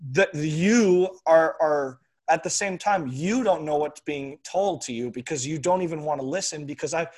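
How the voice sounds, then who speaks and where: A man's voice: a little high, moderate pace, a little mellow. Earnest man explaining an analogy. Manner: frequently clears his throat. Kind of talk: casual conversation.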